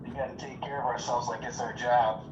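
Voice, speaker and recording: A man's voice: mid-range voice, little pitch movement, a little fast. Earnest motivational man, muffled and far, noisy echoey room. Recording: distant, dull, noisy and echoey.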